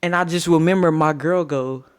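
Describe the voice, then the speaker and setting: A young man on a phone live stream, telling a story in a profane, animated way and acting out what people said. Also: a little high, moderate pace.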